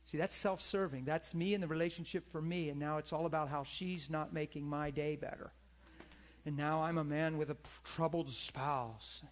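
A man's voice: on the high side, fairly even intonation, normal speed. A middle-aged man preaching a sermon in a conversational, storytelling way, calling out to his congregation.

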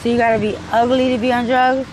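A woman talking in a rambling, restless way in a street interview, her voice swinging between loud and quiet. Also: a little high, level tone, fast. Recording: noisy outdoor street recording.

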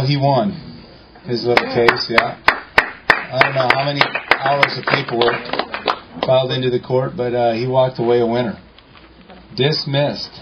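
Casting note: a man entertaining a meeting, telling a joking story and playing all the parts, on a dull recording. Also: medium pitch. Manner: joking, colloquial, acts out dialogue. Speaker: speaker at a meeting. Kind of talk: storytelling to a live group.

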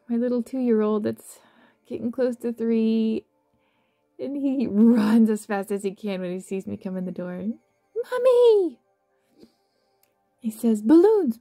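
A woman with a mellow, slightly gravelly voice narrates a guided visualization. She talks softly and tenderly, with small gentle laughs, over faint background music. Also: mid-range voice. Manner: soft, slow and affectionate, with gentle laughs. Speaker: meditation guide.

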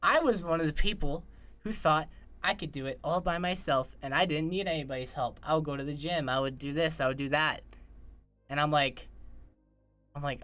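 Young male streamer, rambling and profane, bright, slightly high voice. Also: fairly quick, faint music behind. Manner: rambling, slangy, heavy swearing. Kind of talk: casual livestream chat.

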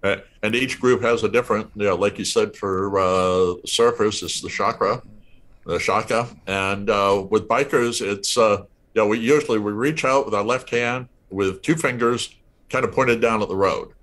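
A man as interview guest, talking in an easygoing, halting way. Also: on the low side, fairly bright tone. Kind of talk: casual interview chat.

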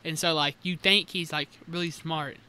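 A man's voice: a little high, steady tone, moderate pace, bright, forceful tone, clean tone, no room sound. A young man co-hosting a casual podcast, rambling crudely with lots of filler words. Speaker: podcast co-host. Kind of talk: casual chat. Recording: faint background noise.

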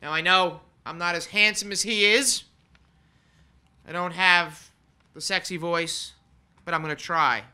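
Bright-voiced man giving a eulogy. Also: sits high, fairly even intonation. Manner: earnest, heartfelt, conversational with pauses. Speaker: funeral celebrant. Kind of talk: eulogy address at a funeral. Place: funeral home chapel.

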